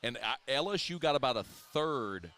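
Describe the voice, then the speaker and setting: A man's voice: mid-range voice, animated, moderate pace, pushed and bright. A man hosting sports talk radio in a casual way, chatty and asking long, winding questions.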